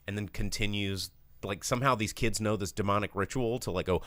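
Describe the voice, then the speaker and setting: Low-voiced man rambling through a movie review. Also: steady tone, fast talker, fairly bright tone, no echo. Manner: rambling, filler-heavy, acts out characters' lines. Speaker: podcast co-host, film reviewer. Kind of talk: casual movie review chat.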